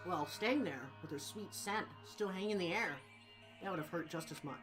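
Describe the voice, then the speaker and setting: A woman voicing a gentle, shaken teenage boy who speaks softly. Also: lowish voice, a little fast, music in the background, lightly acted. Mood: subdued.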